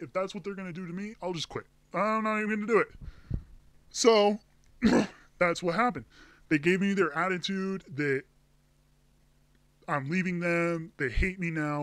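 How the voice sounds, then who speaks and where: A man's voice: high-pitched, dry recording. A young man ranting to camera, telling a heated, profane story about a bad job with angry outbursts. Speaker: vlogger. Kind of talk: angry personal rant.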